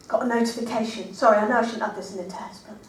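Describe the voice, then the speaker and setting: A scatterbrained, self-mocking woman, played by an actress rambles through a comic stage monologue. Her high voice leaps around as she talks, heard from a distance in a roomy hall. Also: expressive, quick pace, lightly acted. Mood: rambling. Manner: chatty, rambling, self-deprecating.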